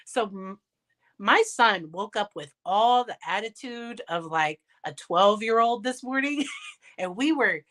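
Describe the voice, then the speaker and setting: A woman's voice: mid-range voice, animated, unhurried, a bit bright. Chatty woman psychologist on a phone livestream. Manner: chatty and candid, laughs often, restarts sentences. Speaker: licensed psychologist and parent. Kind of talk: casual livestream Q&A.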